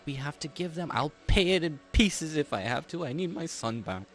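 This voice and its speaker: A man puts on a furious halfling mother, shaking with fear for her lost son, who snaps her demands with a lively, swooping voice in a tabletop game. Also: a little high, normal speed, close to an everyday voice. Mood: urgent. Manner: demanding, shaky, sharp. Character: frantic angry halfling mother, middle-aged woman.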